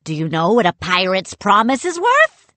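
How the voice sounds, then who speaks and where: Woman growling as a gruff pirate captain. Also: mid-range voice, wildly swooping pitch, normal speed, pushed and bright, no echo. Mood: mocking. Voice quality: growling, gravelly. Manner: pirate dialect, drawling and mocking. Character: gruff scheming pirate captain, man, hook for a hand. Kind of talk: audiobook character voice.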